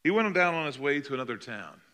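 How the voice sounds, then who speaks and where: A man preaching a sermon, dramatic and expressive, acting out the voices of the people he quotes. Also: mid-range voice, fast talker. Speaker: pastor.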